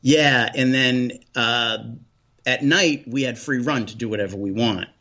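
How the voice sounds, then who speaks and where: Boston-accented man, guest storyteller, rambling delivery, mid-pitched, slightly dull lo-fi sound. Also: measured pace, sharp tone. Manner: rambling, many restarts and ums. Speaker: paranormal investigator guest. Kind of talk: casual interview chat.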